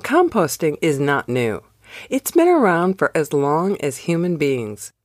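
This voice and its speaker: A woman hosting a devotional show, giving a slow, expressive scripted narration. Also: deep voice, no room sound, clean studio sound. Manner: slow, expressive storytelling read. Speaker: devotional podcast host.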